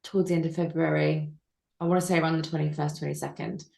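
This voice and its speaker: A woman in her thirties with a low-pitched voice tells a personal story as an interview guest. She speaks candidly and haltingly, with many fillers and restarts. The recording has a noticeably echoey room sound. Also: level tone, vocal fry, warm tone.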